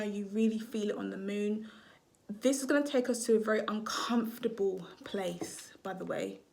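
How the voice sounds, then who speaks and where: A woman's voice: mid-range voice, gravelly. A woman gives a casual astrology reading to camera, talking off the cuff. She rambles, drifts off track and swears freely as she goes. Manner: rambling, swears freely, loses her train of thought.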